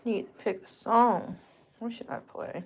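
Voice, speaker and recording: A woman's voice: on the high side, steady tone, measured pace, a little hiss or hum. A woman hosting a casual livestream chat from a dim room at home, talking frankly in a rambling way and swearing casually. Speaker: livestream host.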